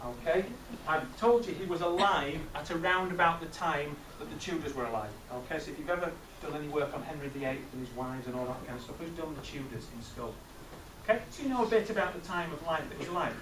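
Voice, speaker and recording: Male teacher, middle-aged, lively and questioning; distant mic, roomy echo. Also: fairly high pitch, quick pace. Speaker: teacher leading a maths master class. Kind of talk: classroom teaching with questions to pupils. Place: classroom. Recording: echoey classroom from far off, noisy.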